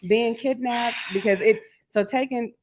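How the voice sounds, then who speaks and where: A woman co-hosting a podcast in casual chat, an expressive storyteller. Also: on the high side, a little slow, slight background noise. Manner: expressive storyteller, acts out quotes. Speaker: podcast co-host. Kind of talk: casual chat, retelling a film.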